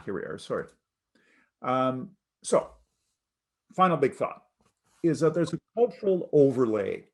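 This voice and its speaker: A man's voice: medium pitch, darkish tone. A man from Canada giving an online class lecture on a video call, chatty and self-deprecating. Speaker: instructor.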